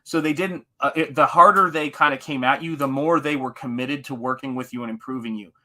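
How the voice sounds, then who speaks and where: A man with a bright, forward voice hosts a live stream while he paints, talking casually to his viewers. He rambles in an animated way and drifts between comments and stories from his days as a teacher. His pitch sits in a middle range, and the talk feels relaxed and unscripted. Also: fairly quick. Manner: rambling, animated, quotes movies in put-on voices.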